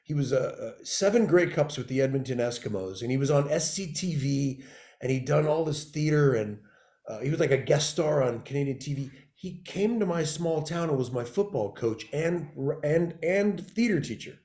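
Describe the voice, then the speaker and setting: This middle-aged Californian man, a TV showrunner and actor, is a guest in a relaxed interview, spinning animated stories and acting out the people he quotes. His pitch is fairly high and his speed normal. The room sounds roomy and echoey.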